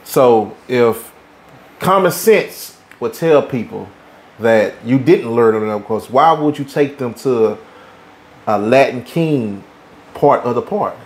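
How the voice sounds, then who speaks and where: A man interviewing a guest, asking halting questions. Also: mid-range voice, animated, a little hiss or hum. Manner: halting, with fillers and restarts.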